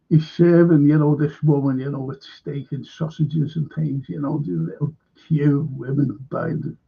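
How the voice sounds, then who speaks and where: Gravelly man chatting about old films. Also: on the high side, narrow, tinny audio. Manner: chatty, laughs while retelling film scenes. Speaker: host. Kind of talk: casual chat.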